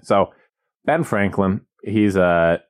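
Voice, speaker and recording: Very deep-voiced man joking around. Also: expressive, slow pace, clean tone, dry recording. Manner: dry, joking, rambling. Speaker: podcast co-host. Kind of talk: casual comedic chat.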